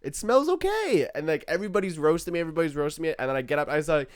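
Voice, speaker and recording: A young man co-hosting a podcast, telling a story in casual chat, swearing and breaking into loud, laughing bursts. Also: on the high side, racing, clear, resonant tone, dry recording, studio quality. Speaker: podcast co-host.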